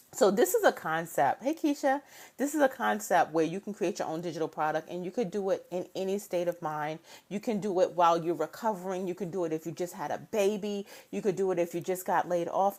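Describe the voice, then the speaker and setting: Lively woman coaching on a live stream. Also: lowish voice. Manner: animated, greets viewers by name, repeats "right?". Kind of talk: casual motivational live stream.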